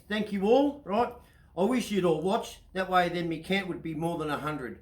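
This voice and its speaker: A man with an Australian accent hosts his own show, telling a long, rambling story in a chatty way and often asking "right?" His high voice has lively intonation and a moderate pace. The recording is roomy and low quality.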